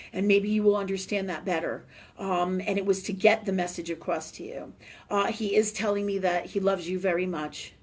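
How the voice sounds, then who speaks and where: A woman hosting a live psychic reading, chatty and emotional, laughing often and filling pauses with "um". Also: mid-range voice, husky. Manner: warm, chatty, laughs often, many fillers. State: tearful at times. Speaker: psychic medium host.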